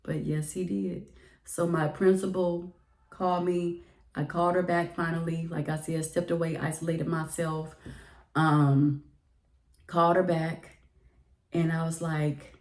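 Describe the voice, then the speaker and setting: A woman who works as a teacher, telling a personal story to the camera in a lively, emotional way. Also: deep voice, measured pace, echoey room. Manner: animated, emotional retelling with laughs and quoted voices. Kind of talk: casual storytelling vlog.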